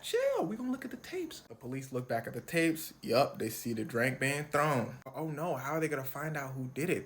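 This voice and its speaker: A woman telling a comic story in a slangy, animated way, acting out quoted lines in funny voices. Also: low voice. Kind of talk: comic storytelling retelling a sports brawl.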